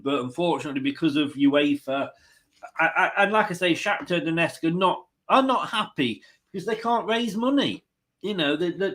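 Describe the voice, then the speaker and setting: Chatty fan-channel host. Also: male voice, on the high side, a bit bright. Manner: chatty, jokey, reads out viewer comments. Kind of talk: live watchalong chat.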